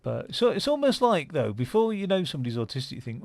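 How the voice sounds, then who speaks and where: A man's voice: fairly high pitch, very animated, quick pace, vocal fry, darkish tone, no room sound. A man giving casual, rambling commentary while playing a game, with lots of fillers and restarts. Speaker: gaming channel host. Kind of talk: casual let's-play commentary.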